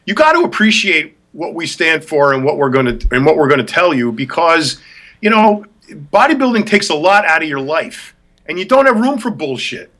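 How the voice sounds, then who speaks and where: A man's voice: a little high, very animated, moderate pace, a bit bright. A man co-hosting a talk show, ranting bluntly and scornfully, repeating himself for emphasis. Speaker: podcast co-host. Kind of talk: opinionated rant.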